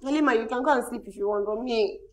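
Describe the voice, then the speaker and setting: An actress playing a young corps member who stammers out of fear. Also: female voice, on the high side, quick pace, natural voice. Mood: frightened. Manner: frightened, stammering. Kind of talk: film acting.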